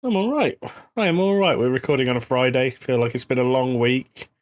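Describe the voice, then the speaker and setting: A man's voice: mid-range voice, fairly quick. A British man co-hosting a comedy podcast, chatting casually and rambling through jokes. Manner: joking, rambling. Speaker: podcast co-host.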